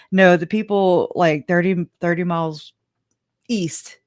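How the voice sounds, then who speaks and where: A woman's voice: on the low side, fairly even intonation, takes it slowly, no echo, studio quality. A woman with a country Louisiana accent hosting a live stream, talking in a rambling, chatty way and laughing often. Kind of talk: casual live commentary. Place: home room.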